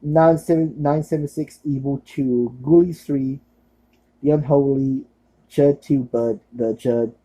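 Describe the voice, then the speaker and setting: Very dark-voiced man rambling about films. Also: mid-range voice, steady tone, measured pace, husky, poor audio. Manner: rambling, many fillers and restarts; laid-back, offhand. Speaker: horror movie reviewer. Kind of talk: casual movie recommendation vlog.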